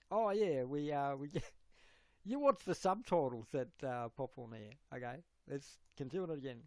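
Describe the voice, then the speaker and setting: A man with an Australian accent hosting a casual livestream chat, rambling and giggling, now and then breaking into loud put-on voices. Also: mid-range voice, animated, moderate pace, no room sound. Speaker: livestream host.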